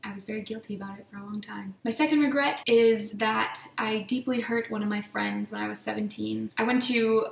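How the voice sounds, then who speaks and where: Woman with vocal fry. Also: medium pitch, steady tone, brisk, hardly any pauses, reverberant, a little hiss or hum. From Canada. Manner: reflective and candid, often says "like". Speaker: YouTuber answering a tag. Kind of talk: candid personal vlog.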